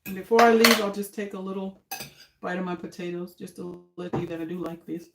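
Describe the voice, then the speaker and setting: An older woman chatting casually on a home cooking live stream, homey and relaxed, talking while she eats. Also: on the low side, a little fast, vocal fry, echoey room, heavy background noise. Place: home kitchen.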